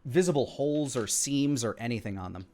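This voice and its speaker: A man's voice: medium pitch, expressive, brisk, a little mellow. A man narrating a tabletop game as dungeon master, describing scenes with frequent fillers.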